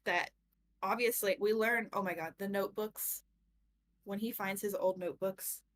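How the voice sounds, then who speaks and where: A woman's voice: medium pitch, fairly even intonation, normal speed. A young woman co-hosting a book club stream, talking loosely and informally in a casual chat. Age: young adult. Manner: laughs often, loose and informal.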